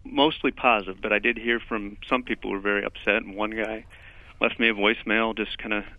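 Male columnist calling in over a thin phone line. Relaxed and reflective, with a lowish voice. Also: brisk, no echo. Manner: relaxed and reflective, with stammered restarts. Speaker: newspaper columnist, guest. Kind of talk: conversational storytelling.

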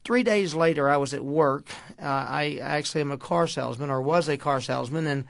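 A man with a rough, gravelly voice sits slightly above the usual pitch. He tells his stories with folksy color, acting out the dialogue. The sound is dry and close. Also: a little fast, a bit bright, no echo. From Houston, Texas. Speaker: boxing coach. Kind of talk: storytelling interview.

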